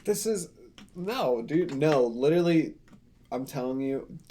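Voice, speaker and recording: A man's voice: a little high, expressive, a little slow, warm tone, slight background noise. A man hosting a casual podcast, telling rambling, profane stories. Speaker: podcast host.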